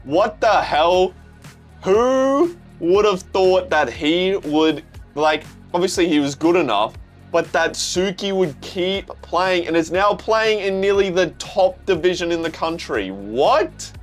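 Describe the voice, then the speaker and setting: A young man with an Australian accent, excitedly reacting to a manga, swearing often and calling things crazy. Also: high-pitched, takes it slowly, soft background music. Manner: excitable, swears, says "bro" a lot. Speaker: manga reaction channel host.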